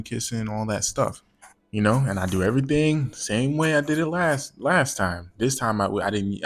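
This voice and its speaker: Guy with a lowish voice ranting thru a storytime, lots of slang and swearing, keeps repeating himself. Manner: slangy and profane, rambling with repeated words. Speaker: vlogger telling a personal story. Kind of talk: casual storytime monologue.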